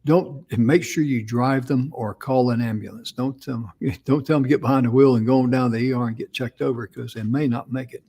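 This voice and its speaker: An easygoing man co-hosting a relaxed talk show. He tells his stories in a folksy, meandering way, backing up and restarting mid-sentence. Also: medium pitch, fairly quick, hardly any pauses, a little hiss or hum. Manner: folksy, rambling storyteller with restarts. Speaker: co-host. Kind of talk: casual talk show chat.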